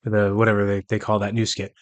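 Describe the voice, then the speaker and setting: A man's voice: fairly low pitch, completely flat delivery, fast. A man co-hosting a casual podcast, giving blunt opinions while eating pizza. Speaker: podcast co-host.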